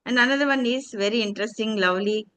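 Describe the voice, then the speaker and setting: A woman with an Indian English accent teaching English pronunciation, saying each word slowly and repeating it for a student to echo. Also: a little high, a bit bright, clean tone. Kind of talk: pronunciation drill lesson.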